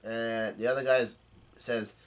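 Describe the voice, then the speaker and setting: A man giving a casual, halting recap of a comic chapter, with salty language. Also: mid-range voice, level tone. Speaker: manga chapter reader.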